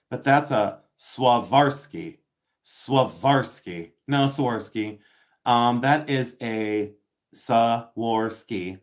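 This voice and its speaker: A man hosting a casual live stream while unboxing items, chatty and giggly, reading viewer comments aloud and repeating words for fun. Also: medium pitch. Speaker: live-stream seller and host.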